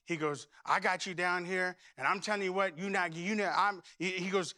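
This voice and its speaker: High, bright-voiced preacher man. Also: a little fast, few pauses, dry recording, studio quality. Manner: preaching that builds to loud, high-pitched declarations. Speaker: pastor. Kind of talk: sermon with storytelling.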